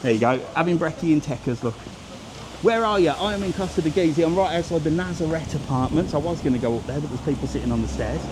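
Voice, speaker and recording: A man's voice: on the high side, expressive, quick pace, background noise. Sweary chatty vlogger man. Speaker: travel vlogger. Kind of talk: casual walking vlog. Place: outdoors on a windy seaside street.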